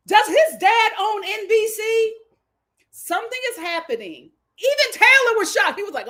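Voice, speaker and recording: A woman's voice: extremely high pitch, animated, normal speed, fairly bright tone. A woman recapping a reality dating show, laughing often and repeating lines for emphasis.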